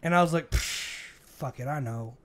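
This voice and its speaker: Animated young man telling a bar story. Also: a little high, fast talker. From Arizona. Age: 20s. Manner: animated, acts out the argument in quoted voices, gets heated. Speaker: podcast co-host. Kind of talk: casual storytelling over beers.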